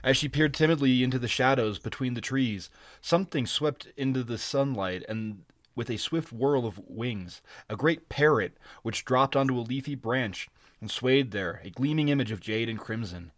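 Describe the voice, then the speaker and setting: A man reading a story aloud at an even pace, sometimes stumbling and restarting a word. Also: medium pitch, normal speed, no echo, studio quality. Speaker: reader. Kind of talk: audiobook reading, amateur.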